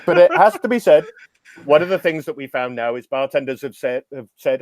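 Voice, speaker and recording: A middle-aged man, a drinks educator guesting on a podcast, telling long anecdotes with wry humor in a relaxed conversational way. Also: fairly high pitch, fairly quick, no room sound. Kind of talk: casual storytelling interview.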